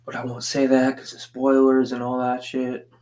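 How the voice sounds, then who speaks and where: A man from the Boston area talking to himself on a laid-back solo podcast, recorded while he paces around a basement. He wanders from one thought to the next, swears in almost every sentence, and speaks at an ordinary, mid-range pitch. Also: completely flat delivery, moderate pace, darkish tone, low-quality recording. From Boston area, USA. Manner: profane, meandering, swears constantly. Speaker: podcast host. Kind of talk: casual solo podcast rambling. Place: basement, pacing back and forth.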